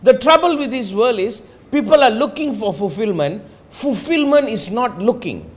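A man with a high-pitched voice gives a spiritual talk on meditation. His pitch swoops widely, and his delivery is emphatic and rhetorical. He stretches key words and often drops to a near-murmur. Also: animated, normal speed. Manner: emphatic, rhetorical, repeats "you understand?". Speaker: meditation teacher.

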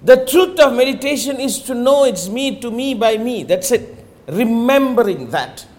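A man with a high-pitched voice gives a spiritual talk on meditation. His pitch swoops widely, and his delivery is emphatic and rhetorical. He stretches key words and often drops to a near-murmur. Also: expressive, normal speed, darkish tone. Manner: emphatic, rhetorical, repeats "you understand?". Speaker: meditation teacher.

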